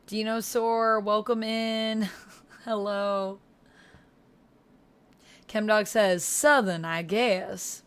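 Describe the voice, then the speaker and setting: A woman's voice: medium pitch, steady tone, very slow, long pauses, clean tone. A woman streamer chatting casually during a gaming stream, reading viewer comments aloud and answering them supportively. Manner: encouraging, supportive. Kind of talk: casual live-stream chat while gaming.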